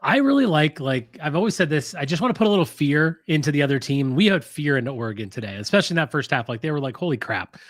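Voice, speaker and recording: A man's voice: a little high, expressive, fast talker, hardly any pauses, no room sound. Emphatic man on a dry mic. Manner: enthusiastic, emphatic analysis. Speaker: podcast co-host. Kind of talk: casual sports podcast chat.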